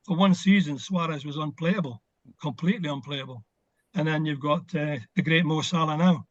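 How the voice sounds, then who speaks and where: A man's voice: fairly high pitch, moderate pace, dry recording. Older man reminiscing on a muffled call. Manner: reminiscing, warm storytelling with fillers. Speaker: interview guest, former footballer. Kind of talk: casual video call chat.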